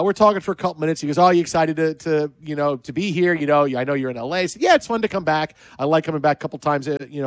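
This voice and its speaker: A man hosting sports talk radio, telling stories in an animated, chatty way. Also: fairly high pitch, dry recording.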